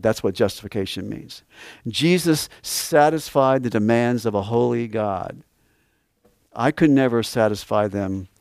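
A man's voice: on the low side, a little mellow, dry recording, clean studio sound. A man preaching a sermon, reading scripture aloud and repeating key words with emphasis.

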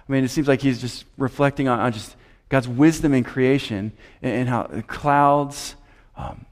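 Slow, emphatic preacher in a reverberant hall. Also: male voice, mid-range voice. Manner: measured, emphatic preaching with repeated phrases and rhetorical questions. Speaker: pastor. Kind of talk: expository sermon.

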